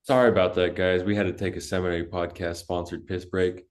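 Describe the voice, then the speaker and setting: Deep-voiced young man, rambling and cussing. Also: little pitch movement, quick pace. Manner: rambling storytelling, heavy cussing, lots of "dude" and "like". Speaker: podcast co-host. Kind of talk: casual podcast chat.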